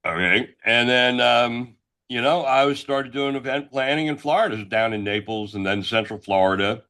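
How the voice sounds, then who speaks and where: A middle-aged man from the Northeastern United States, a guest entrepreneur telling his story in a loud, brash, blunt way. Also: mid-range voice, normal speed. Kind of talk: casual talk show storytelling.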